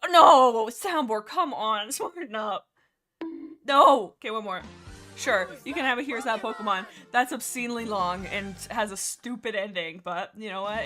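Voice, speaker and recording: A woman's voice: mid-range voice, sharp tone. A young woman hosting a casual livestream, rambling and giggly as she talks through a book with lots of fillers. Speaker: livestream host.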